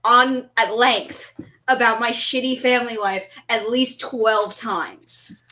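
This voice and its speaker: Woman, casual podcast panelist, higher voice, blunt and profane. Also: steady tone, slow pace, sharp tone. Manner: swearing, ranting, blunt. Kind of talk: casual group chat over voice call.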